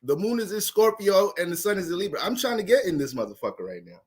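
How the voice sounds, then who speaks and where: A young man casually talking through an astrology livestream, profane and animated, laughing often. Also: sits high, fast talker, slightly rough.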